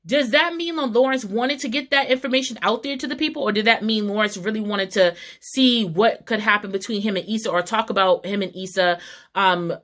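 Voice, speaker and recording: A woman's voice: medium pitch, fairly quick, fairly bright tone. A woman giving a casual, opinionated TV episode recap in heated, slangy talk. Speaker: TV recap vlogger.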